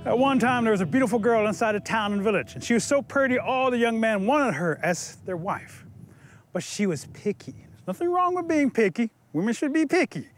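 A man telling a traditional story in a lively, playful way with asides to listeners. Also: very high voice, brisk, soft background music.

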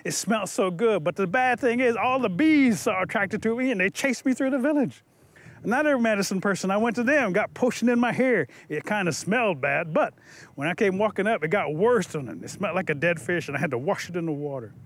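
A man's voice: sits high, lively intonation, fairly quick, poor audio. A man voicing a shy, lovesick young man in a told folk tale, speaking earnestly and pleadingly. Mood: earnest, weary. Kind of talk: oral storytelling.

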